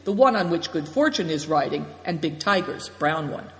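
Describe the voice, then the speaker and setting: A reader plays a calm guide who leads the group and reassures them patiently. The delivery is animated and encouraging, and it echoes in a roomy space with a long reverb. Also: mid-range voice, normal speed, close to an everyday voice. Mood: reassuring.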